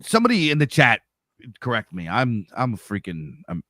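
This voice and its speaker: A man's voice: medium pitch, huge pitch swings, normal speed, bright, forceful tone, no echo. Blunt American man, dry close sound. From United States. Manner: blunt, opinionated, swears freely. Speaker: livestream co-host. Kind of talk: casual livestream chat.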